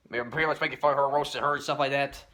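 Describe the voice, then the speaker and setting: A man delivering a rambling commentary rant, filling his points with "you know" and "stuff like that" and often clearing his throat. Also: medium pitch, pushed and bright. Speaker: commentary YouTuber.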